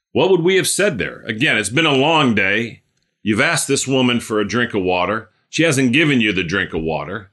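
A male preacher giving a conversational sermon, repeating phrases and filling pauses with "um.". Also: fairly low pitch, pushed and bright.

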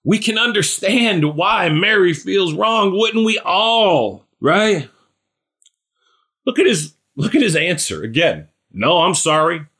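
Bright-voiced man preaching casually. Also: high voice, slow. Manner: chatty, asks listeners questions by name; animated, acts out scripture characters. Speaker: pastor. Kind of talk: conversational sermon.

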